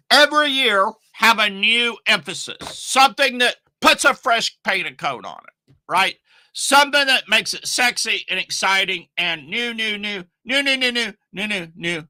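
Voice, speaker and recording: Middle-aged man, slangy rambling marketing talk, very bright tone, dry close mic. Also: high-pitched, dry recording. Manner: rambling, emphatic, slangy, asides to viewers. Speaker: online marketing teacher hosting a live stream. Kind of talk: casual live stream talk.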